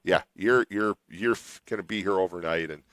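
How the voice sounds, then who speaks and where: A man's voice: low voice, normal speed, a bit bright, dry recording, rough recording. A middle-aged man hosting a radio show, telling a long personal story in a rambling way with many restarts.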